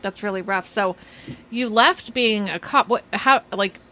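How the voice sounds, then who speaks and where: A woman's voice: medium pitch, unhurried, pushed and bright, a little hiss or hum. A woman hosting a live stream, chatting casually and informally, often laughing. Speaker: live show host.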